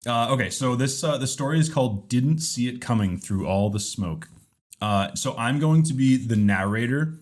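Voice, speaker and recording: A man's voice: medium pitch, lively intonation, normal speed. A man hosting a casual comedy podcast, reading a story aloud and handing out roles. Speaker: podcast host.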